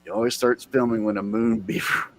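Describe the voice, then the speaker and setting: A man's voice: mid-range voice, animated, fairly quick, creaky, dry recording. A man from Mississippi, sarcastically commenting on a news clip and mocking the people in it. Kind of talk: comedic reaction commentary.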